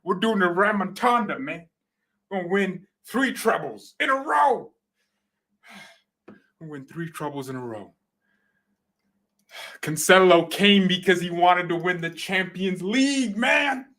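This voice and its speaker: A man hosting a football fan channel, talking in an excited, joking way and sometimes shouting. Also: sits high, a little slow, long pauses. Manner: hyped and joking, shouting at times. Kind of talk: excited casual commentary.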